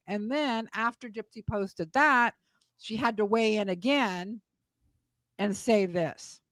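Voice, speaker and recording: A woman's voice: medium pitch, takes it slowly, fairly bright tone, no echo. A woman hosting a live talk show, chatting and gossiping casually. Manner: chatty, gossipy, laughs along. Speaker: host. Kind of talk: casual chat.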